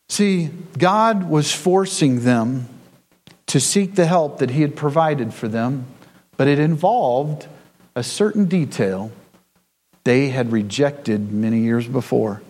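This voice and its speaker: A man's voice: medium pitch, expressive, slow, darkish tone. A male pastor preaching a sermon in a church, with folksy storytelling and frequent repetition.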